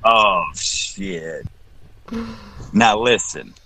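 A man's voice: lowish voice, lively intonation, drawn-out words, creaky, noisy background. A man from South Texas, a guest on a casual podcast call, chatty and joking, often restarting his sentences.

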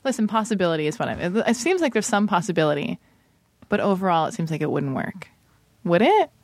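A woman's voice: on the low side, sing-song, quick pace, a little mellow, no echo. Playful, teasing woman interviewer. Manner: playful, teasing, rambling questions. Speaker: host. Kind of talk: casual interview chat.

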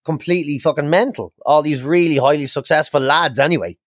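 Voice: medium pitch, fairly quick, no room sound, clean studio sound. A podcast co-host in casual chat, ranting with heavy swearing.

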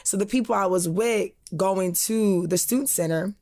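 A young woman co-hosting a podcast tells stories in a casual chat, speaking in a mid-range voice at a moderate pace. She's animated and laughs often, acting out the voices of the people she quotes.

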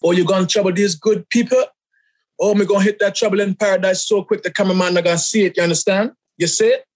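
A man's voice: sits high, fairly even intonation, quick pace. A man on a podcast putting on a playful mock Jamaican accent as a boastful wrestler persona. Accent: put-on Jamaican. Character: brash wrestler doing an over-the-top Jamaican persona. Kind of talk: comic impression on a podcast.

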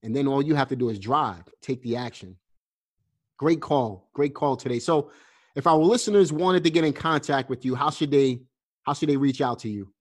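A man's voice: mid-range voice, moderate pace. A man hosting a podcast, talking earnestly and encouragingly, with frequent fillers and restarts. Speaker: podcast host. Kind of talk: casual podcast interview.

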